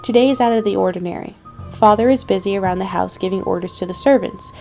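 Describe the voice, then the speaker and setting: A woman's voice: medium pitch, quick pace, gravelly, dark tone, faint music behind. A young woman hosting a gaming video, reading the story text aloud with playful asides. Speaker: gaming channel host. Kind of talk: let's play narration.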